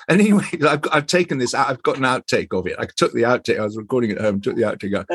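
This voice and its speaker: Husky man telling a story. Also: mid-range voice, lively intonation, fast, hardly any pauses, fairly bright tone, dry recording. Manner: chatty, self-deprecating, laughing often. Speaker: actor guest. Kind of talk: casual anecdote.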